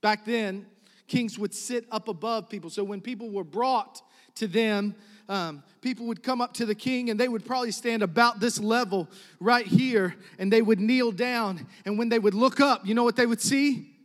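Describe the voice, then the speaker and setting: Man, pastor, high-pitched, emphatic repetitive preaching, loud builds and soft drops, reverberant church hall. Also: normal speed. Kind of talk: sermon.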